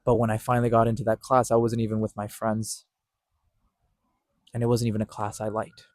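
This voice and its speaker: A man's voice: on the low side, completely flat delivery, brisk, a little mellow, no room sound. A young man hosting a podcast, earnestly telling a personal story, repeating himself and stopping to correct his own words. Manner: earnest, repetitive, with self-corrections. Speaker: podcast host.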